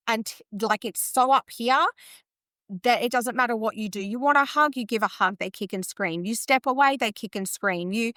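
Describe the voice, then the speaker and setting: A woman's voice: mid-range voice, a bit bright, dry recording, studio quality. An Australian woman in her thirties, speaking as a podcast guest in candid conversation, earnest and tumbling, often restarting her sentences. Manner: earnest, tumbling, self-correcting speech.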